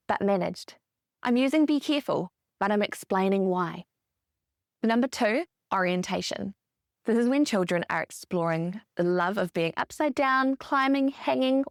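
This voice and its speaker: A woman's voice: medium pitch, creaky, no room sound, clean studio sound. A woman hosting a solo parenting podcast, explaining in a coaching tone and lifting her voice when she acts out example phrases. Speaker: podcast host.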